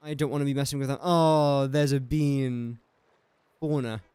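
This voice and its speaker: A man's voice: mid-range voice, steady tone, moderate pace, a little mellow, smooth, no room sound. A young English man casually thinking aloud while streaming a building game and chatting to viewers. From England. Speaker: gaming streamer. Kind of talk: casual live-stream commentary.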